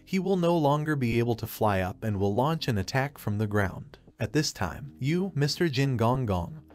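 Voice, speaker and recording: Brief: male narrator for an anime recap, even read, mid-range voice, no character voices. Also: medium pitch, normal speed. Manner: reads all characters' lines in one even voice. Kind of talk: scripted narration.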